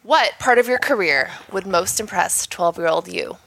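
A woman co-hosting a casual chat, asking questions in a lively, friendly way. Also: on the low side, normal speed, vocal fry, low-quality recording. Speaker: co-host.

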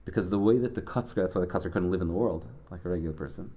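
A man teaching a Torah class, telling Hasidic stories in a conversational, halting way peppered with Yiddish and Hebrew terms. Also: low voice, dark tone.

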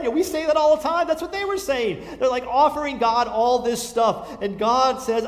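A high-pitched man delivers a sermon in a church sanctuary. He stresses his points by repeating them and drops from booming lines to near-hushed ones. A long hall reverb trails each phrase. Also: brisk, few pauses. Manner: emphatic, repeats key lines, shifts between loud and hushed. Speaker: pastor.

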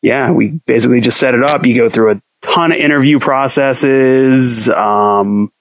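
A man's voice: medium pitch, measured pace, poor audio. A young man casually telling a long story as an interview guest, swearing freely and acting out quoted talk. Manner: profane, rambling, animated quoting. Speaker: interview guest, home cook.

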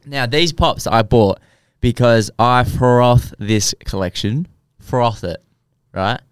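A young man co-hosting a casual podcast chat, swearing a lot and getting excited. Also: medium pitch, slow pace, clean tone, no room sound, studio quality. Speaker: podcast co-host.

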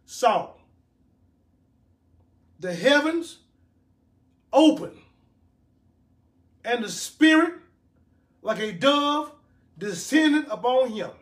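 A man preaching a sermon, reading scripture aloud and repeating words for emphasis. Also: extremely high pitch.

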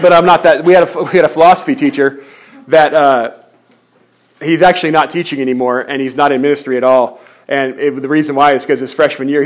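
Animated high-voiced male pastor preaching. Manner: conversational, animated, with frequent restarts. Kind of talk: sermon.

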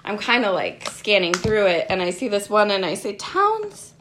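A woman in her twenties co-hosting a podcast, chatting casually and telling animated stories with frequent laughter. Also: medium pitch, fairly quick, a little hiss or hum. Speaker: podcast co-host.

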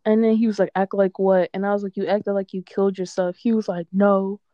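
A woman in a casual chat, telling an animated, profane story and quoting what others said. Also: medium pitch, fairly quick, no echo, lo-fi sound.

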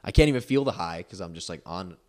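A man's voice: low-pitched, lively intonation, fast talker. A young man, a podcast guest, telling a long casual story full of "like" and "you know.". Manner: rambling, filler-heavy storytelling with lots of "like".

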